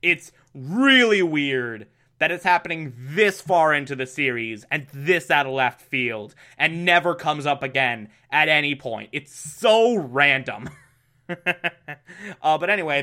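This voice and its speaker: A man's voice: fairly high pitch, pushed and bright. A man giving a comic, wry recap of a television episode. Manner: slow, amused and wry.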